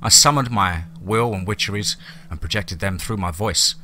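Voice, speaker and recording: Bright-voiced male horror narrator. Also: lowish voice, a little hiss or hum. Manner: measured, formal and grave. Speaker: storyteller. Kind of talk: scripted horror story narration.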